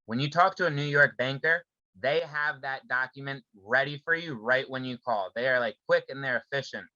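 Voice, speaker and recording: Guy co-hosting a chat podcast, really bright tense voice, kinda dull lo-fi dry sound. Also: mid-range voice, moderate pace, no echo. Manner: conversational, questioning, loose with fillers. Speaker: podcast co-host. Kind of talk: casual chat.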